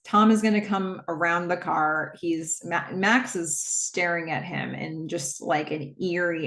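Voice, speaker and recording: A woman's voice: fairly low pitch, normal speed, creaky, fairly bright tone. A woman recapping a horror film in a chatty, present-tense retelling with asides and restarts. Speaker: movie recap vlogger. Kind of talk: casual movie recap.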